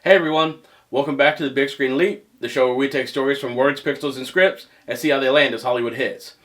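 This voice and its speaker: Animated joking male review host. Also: mid-range voice, fast talker. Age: adult past teens. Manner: animated, joking, self-mocking. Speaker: host of a movie review show. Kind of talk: comedic video review.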